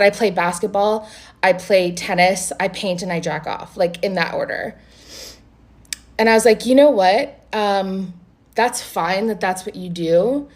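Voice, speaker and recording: A young woman telling a story straight to camera in a casual, lively way. She swears freely and acts out what each person said. Her voice sits in an ordinary middle pitch. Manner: animated, profane, acts out both sides of the conversation. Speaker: vlogger telling a dating story.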